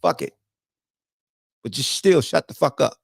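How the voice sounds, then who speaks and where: A man's voice: mid-range voice, huge pitch swings, a little slow, vocal fry, dry recording, studio quality. A man hosting a sports podcast, ranting in a casual, profane, lecturing way. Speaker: podcast host. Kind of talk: casual sports commentary rant.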